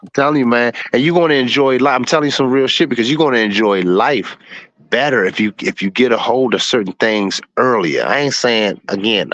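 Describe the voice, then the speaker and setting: A man's voice: fairly low pitch, fairly bright tone, no echo. A man in his forties telling stories in a blunt, profane way during a casual podcast chat. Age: 40s. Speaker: show host.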